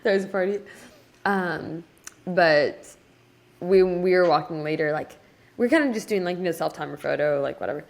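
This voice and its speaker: A woman's voice: lowish voice, normal speed, gravelly. A young woman in her twenties, co-hosting a casual podcast, telling a story with lots of "like" fillers and lifting her voice when she quotes people. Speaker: podcast co-host.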